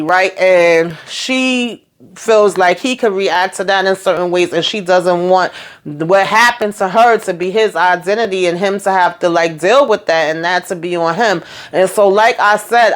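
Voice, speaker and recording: A woman chatting casually through a TV episode recap, retelling scenes in a lively, filler-filled way. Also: mid-range voice. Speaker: TV show recap vlogger.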